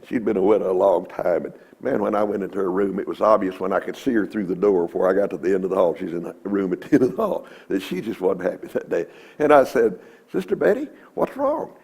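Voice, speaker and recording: A man's voice: sits low, fast, gravelly, a little mellow, slightly rough. A man giving a folksy, emphatic Bible lesson in a church, quoting scripture. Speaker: Bible teacher.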